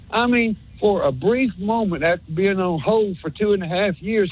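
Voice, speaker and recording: Husky stammering man ranting on a call-in. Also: a little high, animated, a little fast, few pauses, phone-quality sound. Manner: stammering, repeats words, folksy and sarcastic. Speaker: caller. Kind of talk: rambling call-in rant.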